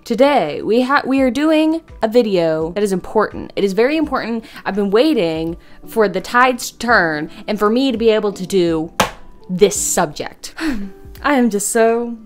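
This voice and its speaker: A woman's voice: medium pitch, expressive, normal speed, soft background music. A young woman talking casually to her viewers as an art vlogger, in a playful, goofy, rambling way. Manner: playful, goofy, rambling fan chatter with jokey voices. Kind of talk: casual chat to camera.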